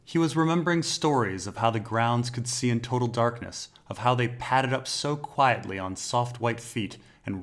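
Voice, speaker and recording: A man narrating a dark fantasy story in a slow, measured, dramatic way. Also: lowish voice. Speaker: audiobook narrator.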